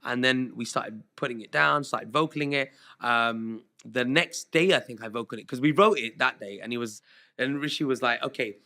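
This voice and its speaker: A man's voice: mid-range voice, normal speed, pushed and bright. A man from Southall, telling a story as a guest in a casual interview and acting out the dialogue. His voice is slightly worn after back-to-back shows. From Southall, London. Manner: chatty, re-enacts dialogue with "he goes" and "I was like". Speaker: guest singer.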